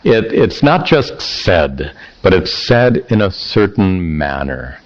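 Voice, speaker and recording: A man teaching a scripture class, speaking haltingly with repeated words and chanting verses slowly. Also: deep voice, sing-song, dull audio.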